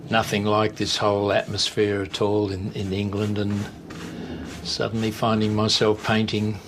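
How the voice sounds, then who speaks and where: An older man with an Australian accent, a painter and entertainer, telling stories in a chatty, animated way. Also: lowish voice, normal speed, background noise. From Western Australia.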